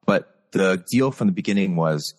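A very low-voiced man from Texas chats candidly as a guest, telling stories about his stage work. His voice comes over a video call with a long reverb tail around it. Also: animated, moderate pace, a little mellow. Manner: candid, storytelling. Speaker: guest performer. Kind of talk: casual interview chat.

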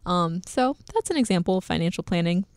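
A woman's voice: fairly low pitch, lively intonation, brisk, smooth, no echo, clean studio sound. A young woman co-hosting a podcast, chatting casually with many fillers and small laughs. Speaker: podcast co-host. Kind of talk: casual chat.

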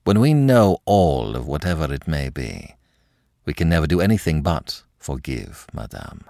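A man reading a measured, ironic young Frenchman in a story. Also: very deep voice, sing-song, mellow, no echo, studio quality, heavily acted. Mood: earnest. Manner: measured, wry.

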